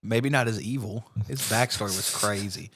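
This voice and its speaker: A man co-hosting a podcast in casual chat, loud and laughing often. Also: on the low side, normal speed, slightly rough, no echo, clean studio sound. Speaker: podcast co-host.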